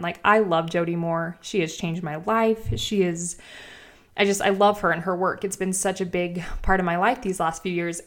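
A young adult woman hosting a podcast, telling a personal story in a chatty, animated way with many filler words. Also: fairly low pitch. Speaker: podcast host and marriage coach. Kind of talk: casual storytelling monologue.

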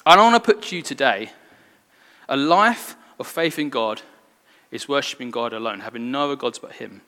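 Man, preacher, sermon, conversational, earnest, bright voice, long hall reverb. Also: medium pitch, animated, normal speed. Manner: conversational, earnest, jokes with the congregation. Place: church hall.

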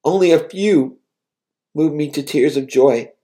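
Fatherly God, tender, reassuring, gentle, voiced by a man, slightly high pitch. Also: unhurried, lightly acted.

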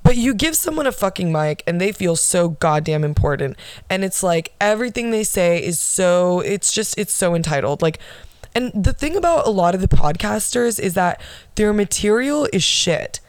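A woman's voice: medium pitch, lively intonation, normal speed, dry recording. A young woman hosting her own solo podcast, ranting bluntly and sarcastically with lots of swearing. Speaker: podcast host.

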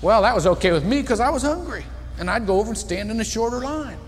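A man's voice: fast, long reverb tail. A man preaching a sermon as pastor, telling a story and acting out the people in it. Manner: storytelling, acts out the people in his story with animated shifts in pitch and volume. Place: church sanctuary.

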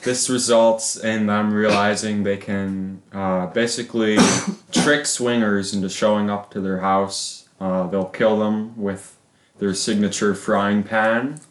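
A man's voice: on the low side, flat delivery, takes it slowly. A man co-hosting a casual podcast chat, joking and laughing often. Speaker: podcast co-host. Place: basement room. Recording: echoey room.

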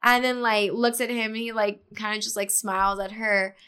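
A woman's voice: mid-range voice, normal speed, clear, resonant tone. Chatty young woman retelling a story. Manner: animated retelling with many "like" fillers, acting out quotes. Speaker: podcast guest. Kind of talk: casual podcast storytelling.

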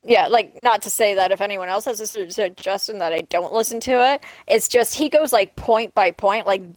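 A woman's voice: mid-range voice, moderate pace, few pauses, no echo, low-quality recording. A woman co-hosting a casual podcast over an online voice call, joking crudely and laughing often. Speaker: podcast co-host. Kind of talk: casual chat.

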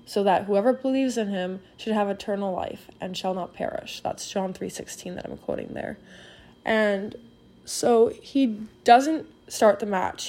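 Woman, devotional speaker; earnest, encouraging, direct address, mellow tone. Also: mid-range voice. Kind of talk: spoken devotional retelling a parable.

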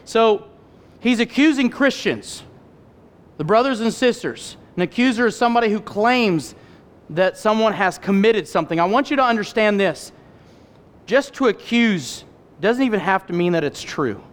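A middle-aged male pastor giving an animated sermon, acting out voices and making candid personal asides. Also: high-pitched, normal speed. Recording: hall reverb.

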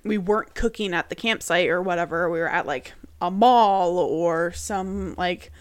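A woman's voice: fairly low pitch, normal speed, no echo. A woman co-hosting a podcast at home, telling stories in easy casual chat and laughing often. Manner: easygoing storyteller, laughs often. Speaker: podcast co-host.

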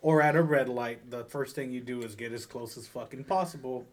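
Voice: medium pitch, fairly quick. A co-host in a casual chat who teases and jokes with the guest and swears at times. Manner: teasing, joking, swears.

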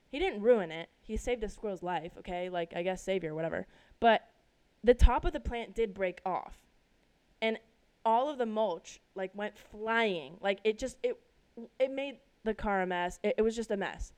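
A young woman from Colorado hosting her own podcast, telling a personal story casually, swearing freely and bursting loud at the dramatic parts. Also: medium pitch, normal speed, clean tone. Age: young adult. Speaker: podcast host. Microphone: desk microphone.

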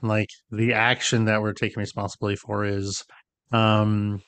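Smooth low-voiced man explaining. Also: level tone, moderate pace, fairly bright tone, dry recording. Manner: explanatory, checks in with frequent "right?". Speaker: podcast co-host. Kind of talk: casual conversation.

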